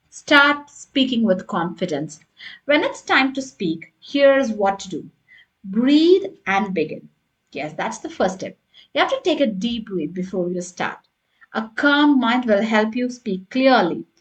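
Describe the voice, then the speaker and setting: A woman teaching an online lesson as a tutor, explaining step by step and often checking in with "right?" and "got it?". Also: fairly high pitch. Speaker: English test tutor.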